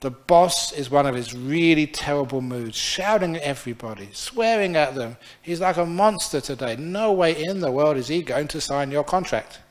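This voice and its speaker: A man's voice: a little high, lively intonation, moderate pace, hardly any pauses, close to an everyday voice. A man speaking the lines of company directors who give a blunt warning.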